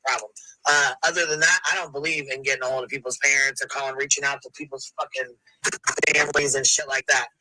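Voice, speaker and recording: Man, heated rant, very bright and tense voice, dry close sound, swearing. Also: medium pitch, fairly even intonation, fast, no room sound, poor audio. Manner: angry, swearing, blunt. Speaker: streamer in a played clip. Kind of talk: heated live-stream rant.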